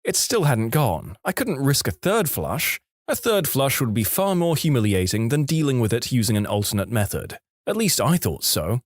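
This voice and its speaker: A man reading a story aloud as narrator, in a lively, expressive way. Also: medium pitch, moderate pace, few pauses, no echo, studio quality.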